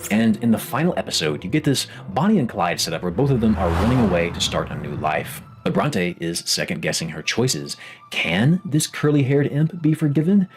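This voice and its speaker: Deep lively guy doing video essay narration, clear music playing under him. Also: moderate pace.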